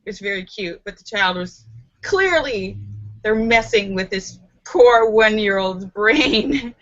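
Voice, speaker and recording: Bright, playful woman live-streaming. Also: animated, slow, lo-fi sound. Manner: playful, laughs often, acts out stories with squeaky voices. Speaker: livestream host. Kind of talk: casual live-stream chat reading viewer comments. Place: home in Los Angeles.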